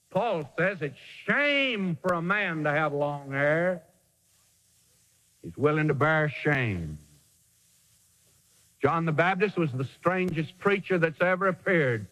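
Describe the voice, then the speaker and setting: A man's voice: fairly high pitch, fairly bright tone, big-room sound, low-quality recording. A man preacher delivering a sermon in an emphatic, dramatic way with sudden swings in delivery.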